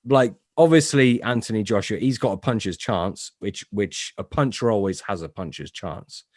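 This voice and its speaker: A man's voice: on the low side, moderate pace, no room sound, studio quality. A man hosting a podcast, asking blunt questions in a casual, sweary manner. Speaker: podcast host.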